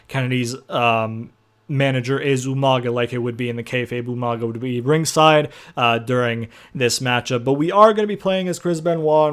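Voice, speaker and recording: A man giving loose, profane let's-play commentary, calling listeners brother and bruh. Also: mid-range voice. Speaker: gaming commentator.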